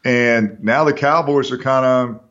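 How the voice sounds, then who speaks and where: A man talking sports in a relaxed, easygoing way, working his thoughts out aloud. He sits at an average pitch, and the recording sounds dull and lo-fi. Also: measured pace. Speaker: sports talk co-host. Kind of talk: casual sports talk.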